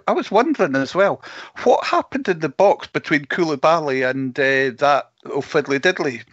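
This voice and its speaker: A man's voice: on the high side, a bit bright, no room sound. Rambling man on dull dry audio. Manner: rambling, restarts sentences. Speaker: radio show panelist. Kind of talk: casual football chat.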